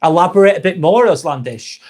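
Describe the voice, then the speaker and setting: Male live vlogger, slightly high voice, casual and friendly, firm with trolls. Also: lively intonation, a little fast, a little mellow. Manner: chatty, calls viewers mate, firm with trolls. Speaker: live stream host. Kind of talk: casual live chat reading comments.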